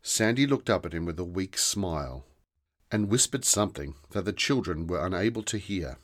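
A man narrating a children's fantasy story in a slow, deliberate storytelling manner. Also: low-pitched, animated.

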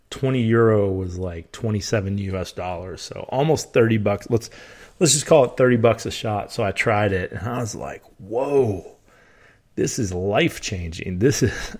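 Laid-back man, rambling. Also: on the low side. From United States. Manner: rambling, restarts and corrects himself often; relaxed, chatty storytelling. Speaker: podcast host. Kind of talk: casual solo podcast monologue.

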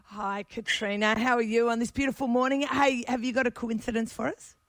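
An Australian woman co-hosts breakfast radio at a studio mic, reacting warmly to callers. Her voice is high and sounds dry and close. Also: fairly even intonation, fairly quick, no echo. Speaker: radio co-host.

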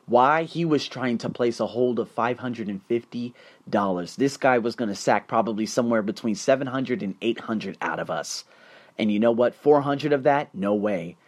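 A man hosting a solo podcast, talking bluntly with swearing and animated storytelling. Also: mid-range voice. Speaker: podcast host.

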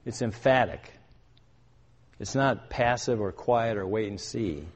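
An older man preaching a sermon as a pastor. He speaks with emphasis, asks his listeners questions and builds to loud, urgent commands. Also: on the low side, a little slow, highs cut off. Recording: long hall reverb.

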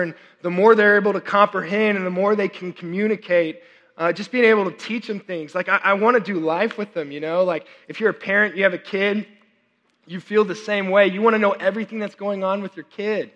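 A worship pastor in his thirties preaches a sermon in a high, bright voice, chatty and animated with plenty of fillers. He is unwell and keeps working to clear his throat. His voice rings out with the long reverb of a large hall. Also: brisk. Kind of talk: sermon with personal storytelling. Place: church service.

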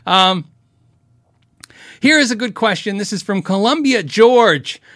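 A man's voice: high-pitched, animated, unhurried, bright, forceful tone, no echo, studio quality. A middle-aged man hosting a casual live show, chatting and giggling as he rambles through stories and viewer questions. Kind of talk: casual live-stream chat.

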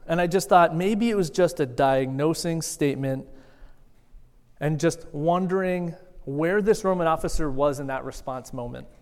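A man preaching in a big church sanctuary, his fairly high voice carrying a long reverberant tail. He talks conversationally and pokes fun at himself, swinging between soft asides and fuller, emphatic lines. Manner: conversational, self-deprecating, with lively shifts in loudness. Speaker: guest preacher. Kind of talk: sermon.

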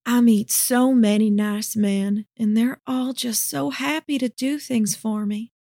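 A woman's voice: fairly high pitch, steady tone, a little slow, no room sound, studio quality. A woman playing a sultry, coaxing seductress. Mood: seductive. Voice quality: soft and sultry, calls him honey and sugar. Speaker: voice actor. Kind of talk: audio drama acting.

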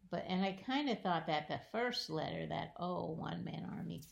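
A woman in casual chat about a crossword, speaking quietly and softly, often just murmuring agreement. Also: lowish voice, moderate pace, creaky. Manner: quiet, soft-spoken, frequent murmured uh-huhs. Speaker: crossword podcast co-host. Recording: dull lo-fi sound.

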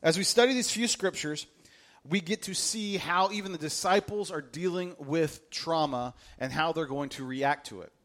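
A man's voice: on the high side, normal speed. A man preaching a sermon to a congregation in a casual, joking way, acting out voices as he tells the story. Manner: humorous, animated, acts out quoted voices. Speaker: pastor.

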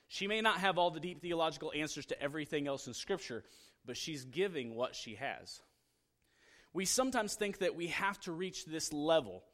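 Middle-aged male pastor, conversational sermon, storytelling delivery that drops to hushed asides and rises for emphasis. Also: on the high side.

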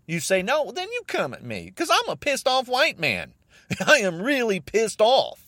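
Man, from the US, angry rant, repetitive, huge pitch swings, dry close sound. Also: wildly swooping pitch, a little slow, dry recording. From United States. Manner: agitated, repetitive, swinging between shouting and muttering.

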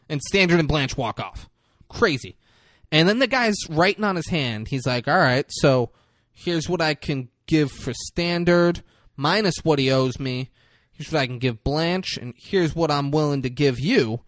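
In a relaxed podcast chat, a male co-host profanely recounts a film's plot and voices its characters. His medium-pitched voice is a bit bright and moves at a moderate pace, with studio-quality sound and no room tone.

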